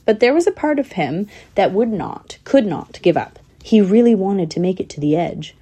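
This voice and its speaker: A woman's voice: mid-range voice, animated, moderate pace, dark tone, husky. A woman voicing a young female squirrel telling her story in a matter-of-fact, thoughtful way. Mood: earnest.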